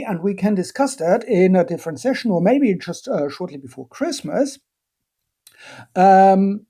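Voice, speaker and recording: Slow, mellow-voiced male lecturer. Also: high voice, lively intonation, creaky, husky. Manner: hesitant, many fillers, playful asides. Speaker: university biochemistry lecturer. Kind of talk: live-streamed online lecture, answering chat.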